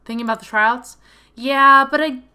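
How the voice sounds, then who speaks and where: A woman voicing a friendly, slightly nervous young student in a visual novel, a little higher than her usual voice. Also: steady tone, moderate pace, pushed and bright, smooth. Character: friendly young nonbinary student, shy and sweet. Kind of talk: reading a visual novel aloud.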